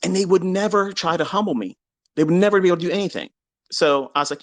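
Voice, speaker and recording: A middle-aged man giving a heated, profane monologue on a live audio chat, combative and defiant, his voice dropping low and then bursting out loud. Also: quick pace. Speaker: trading educator.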